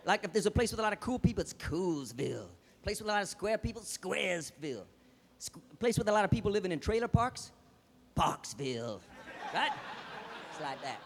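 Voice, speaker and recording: A male stage comedian with a high voice works a live character act as a hip beatnik poet in a fez, spinning jive patter and theatrical verse. There's slight background noise, along with stage reverb, music, and the audience.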